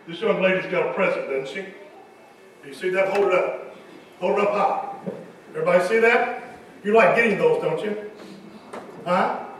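A man's voice: sits high, moderate pace, long pauses, slight background noise. A man preaching a folksy sermon to his congregation, chatting with members between passages. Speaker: pastor. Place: large church hall. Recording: echoey hall from far off.

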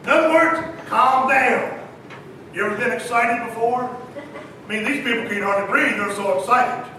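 A man preaching a sermon, dramatic and swinging between loud calls and hushed asides. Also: very high voice, moderate pace, slight background noise. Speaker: pastor. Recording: echoey hall from far off.

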